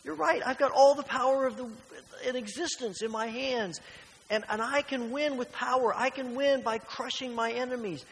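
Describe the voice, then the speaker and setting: A man's voice: normal speed, a bit bright. A man voicing a boastful male messiah figure who brags about his power, in a mocking, grandiose way. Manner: mocking, grandiose, high-pitched and emphatic. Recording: reverberant church hall with faint hiss.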